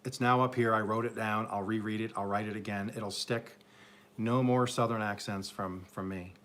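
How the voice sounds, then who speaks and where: A man's voice: fairly low pitch, fairly even intonation, moderate pace, fairly bright tone, a little hiss or hum. A man with an upstate New York accent, chatting casually and joking with viewers during a live garden stream. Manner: rambling, self-mocking, joking with chat viewers. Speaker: garden channel host. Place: home garden, Oklahoma.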